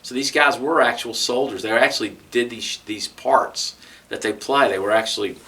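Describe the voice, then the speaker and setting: His mid-range voice sounds pushed and bright at a moderate pace, and he's far from the mic. The man, who has a Texan accent, relates his experiences in an oral history interview in a conversational style, with restarts and acted-out quotes from others.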